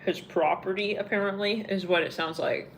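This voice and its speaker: A woman's voice: medium pitch, fairly even intonation, normal speed, slight background noise. A young woman doing a casual live tarot reading, rambling and blunt, full of filler words and swearing. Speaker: tarot reader.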